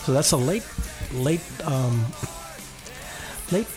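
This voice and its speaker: A man co-hosts a podcast in relaxed chat, dropping short, easygoing comments. His voice sits at a medium pitch, with faint music playing behind him. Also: takes it slowly, shouting. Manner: brief, easygoing interjections. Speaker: podcast co-host. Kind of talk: casual chat.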